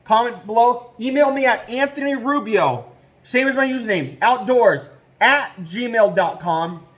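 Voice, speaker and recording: A man talking casually in a vlog about trapping, rambling and excitable, with many fillers and restarts. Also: very high voice, measured pace. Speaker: trapping vlogger.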